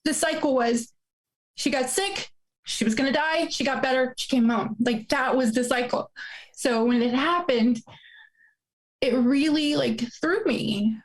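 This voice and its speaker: A woman's voice: high-pitched, a little slow, low-quality recording. A woman in her forties telling a painful personal story, fighting back tears as she speaks. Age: 40s. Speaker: guest.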